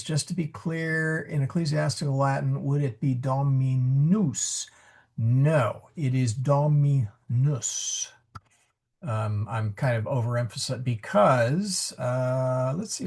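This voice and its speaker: On a video call, a man teaches Latin pronunciation in an online class lesson with questions. He is chatty, corrects himself as he goes, and makes a joking aside. His voice is on the high side, a little mellow and breathy, with vocal fry.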